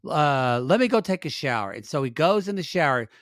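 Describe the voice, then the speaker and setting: A man on a podcast chatting about reality TV with sassy, wry commentary. His slightly high voice moves lively up and down. The recording is dry and close. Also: fairly quick, dry recording. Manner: sassy, wry commentary, addresses listeners as y'all. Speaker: podcast co-host. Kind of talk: casual chat recapping reality TV.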